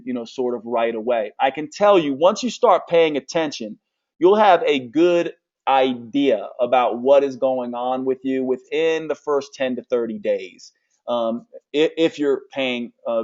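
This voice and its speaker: This man, a health coach, runs a live nutrition class and fields questions in a blunt, forceful, emphatic style. He talks at normal speed with a medium pitch, and the recording is muffled.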